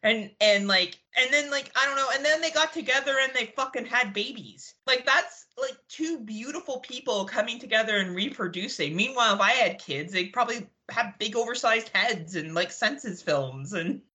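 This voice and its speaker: Lively bright-voiced woman chatting. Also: on the high side, normal speed, few pauses. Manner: laughs often, swears freely. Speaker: podcast co-host. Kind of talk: casual chat.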